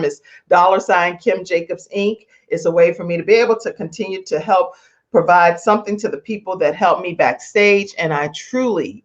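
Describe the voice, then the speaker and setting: A woman hosts an online talk show in a chatty, playful way, laughing between her asides to viewers. Her voice sits at a middle pitch. The audio is slightly dull and lo-fi. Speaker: host.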